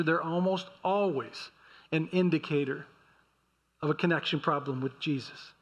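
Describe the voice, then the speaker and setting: A man's voice: high voice, a bit bright. A man preaching a sermon as a pastor, telling the story in a conversational way and briefly acting out what the people in it say. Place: church sanctuary.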